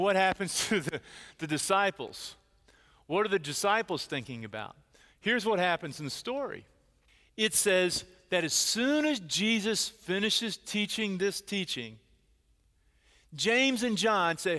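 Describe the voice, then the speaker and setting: A man preaching a sermon as a pastor, telling a story with lively shifts and acting out quoted voices. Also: high-pitched. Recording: reverberant church hall.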